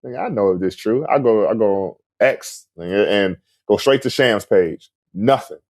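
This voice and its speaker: Man guest, low voice, dry studio mic; loose storyteller who acts out every quote. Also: normal speed, no room sound. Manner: animated, acts out quoted dialogue, frequent "like" and "man". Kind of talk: casual storytelling chat.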